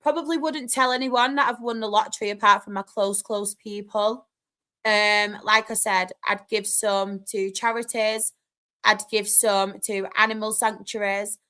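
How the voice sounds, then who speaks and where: A young Northern English woman chats her way through a live stream, reading out what commenters write. Excitable and fast to laugh, she speaks in a mid-range voice.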